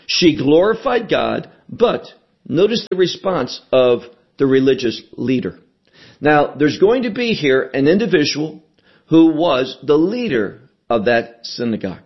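A man preaching a sermon, slow and emphatic, repeating his key phrases as he teaches from scripture. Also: fairly high pitch, husky, highs cut off. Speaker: pastor.

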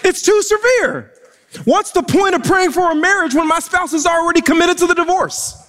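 A man's voice: very high voice, normal speed, fairly bright tone, in a large hall. A man preaching a sermon from a church stage, impassioned, repeating words as he presses his points. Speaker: pastor.

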